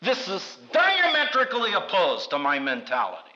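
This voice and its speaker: Animated high-voiced male preacher, lo-fi. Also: normal speed. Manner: dramatic, acts out quoted voices with big pitch swings; humorous asides. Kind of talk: sermon. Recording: dull lo-fi recording.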